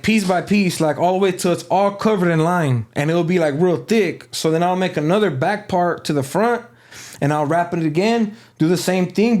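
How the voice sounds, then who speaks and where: A man's voice: high voice, a little mellow. A man being interviewed, telling a long story in a loose, slangy way with lots of fillers. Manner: loose, slangy, rambling delivery with many fillers. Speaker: interview guest.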